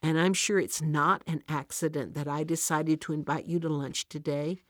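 A woman voicing a kind, caring churchgoing friend who speaks gently and reassuringly in a told story. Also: sits low, fairly even intonation, moderate pace, no room sound, studio quality, lightly acted.

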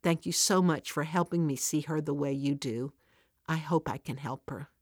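Woman doing a gentle reassuring churchwoman. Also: low voice, normal speed, dry recording, studio quality. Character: kind caring churchgoing woman friend.

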